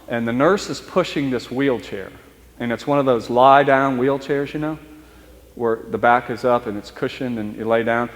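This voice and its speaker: A man gives a sermon as a personal story, in a conversational way with restarts and slow, stressed phrases. His voice sits at an ordinary middle pitch. The sound has a long church reverb. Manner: conversational, halting restarts, speeds up and slows for emphasis. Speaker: priest.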